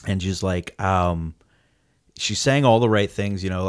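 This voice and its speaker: A man co-hosting a podcast, telling a story in a casual, animated way and acting out the scene with lots of "like". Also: on the low side, fairly quick.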